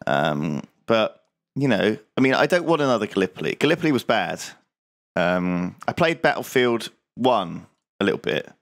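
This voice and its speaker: A man's voice: on the low side, very animated, moderate pace, vocal fry. A man bantering loosely while playing a strategy game with friends, joking and rambling with many fillers. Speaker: let's play gamer. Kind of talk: casual gaming banter.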